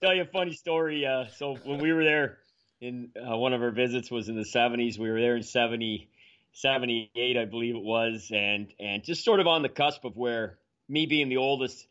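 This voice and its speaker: A man eases into a long family story, measured and meandering. His voice sits at a middle pitch. The recording is somewhat dull and muffled. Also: fairly bright tone. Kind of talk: casual storytelling in conversation.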